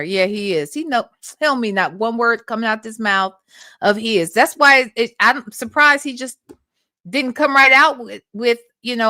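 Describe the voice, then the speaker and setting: Woman, livestream host, blunt, profane commentary, bright forceful voice, dry close sound. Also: fairly high pitch, moderate pace, dry recording. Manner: blunt, profane, talks back to the audio. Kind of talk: casual commentary on played recordings.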